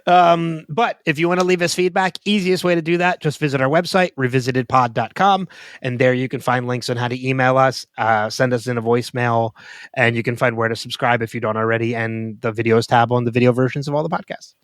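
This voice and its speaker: A man co-hosting a casual podcast, relaxed and a little halting as he talks. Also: medium pitch, clean tone, dry recording, clean studio sound. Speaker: podcast co-host.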